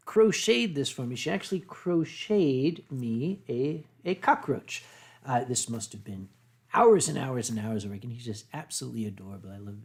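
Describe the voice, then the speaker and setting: A middle-aged man with a Philadelphia accent, chatting casually on a livestream and reading viewer comments, often clearing his throat and restarting sentences. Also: mid-range voice, a little mellow. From United States. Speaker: streamer reading chat.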